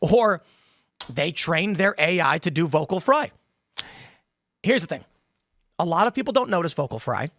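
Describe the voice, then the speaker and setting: Guy hosting a podcast, bit higher voice, opinionated, rambles on explaining stuff, dry close mic. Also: expressive, normal speed, pauses often, a bit bright, dry recording. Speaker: podcast host. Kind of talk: casual panel discussion. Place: studio table with other hosts.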